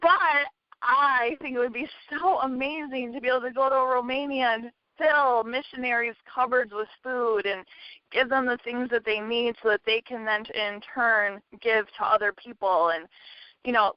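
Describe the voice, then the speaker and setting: A woman's voice: on the high side, no echo. Enthusiastic woman co-host, dry lo-fi sound. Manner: enthusiastic, affirming. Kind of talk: casual chat. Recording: dry, dull lo-fi audio.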